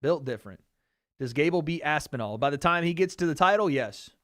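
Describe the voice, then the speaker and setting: A man from Tennessee hosting a fight watch party stream, answering viewer questions in slangy, casual talk and cheering loudly when the action heats up. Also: on the high side, expressive, brisk. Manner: laid-back and slangy, swearing, gets loud cheering the fight. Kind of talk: casual livestream chat, reading viewer questions.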